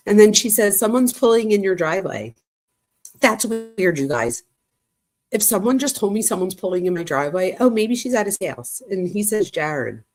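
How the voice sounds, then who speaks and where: A woman's voice: mid-range voice, darkish tone. A woman hosting true crime commentary, chatting casually while reading text messages aloud and reacting to them.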